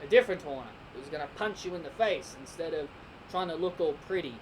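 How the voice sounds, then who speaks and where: A man's voice: a little high, fast talker, a little hiss or hum, low-quality recording. A man with an Australian accent giving a casual spoken game review, rambling and speculating as he thinks aloud.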